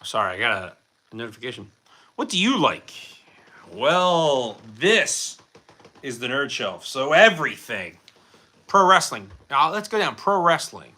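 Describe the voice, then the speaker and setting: Answering his livestream chat, a man rambles and jokes self-deprecatingly, using many fillers. His mid-range voice has big pitch swings and a sharp tone, delivered at a measured pace.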